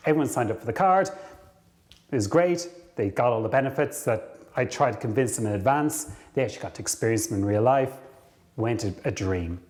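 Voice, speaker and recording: A man speaking straight to camera in a mid-range voice, coaching his audience through a story about his work. He brings the tale to life by acting out what people said, then slows right down to drive a point home. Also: mid-range voice. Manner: lively storyteller, acts out dialogue. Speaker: career coach.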